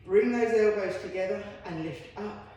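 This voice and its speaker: A woman's voice: mid-range voice, normal speed, dark tone. A woman leading a home workout as a fitness instructor, chatty and encouraging with self-deprecating asides. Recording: very echoey room.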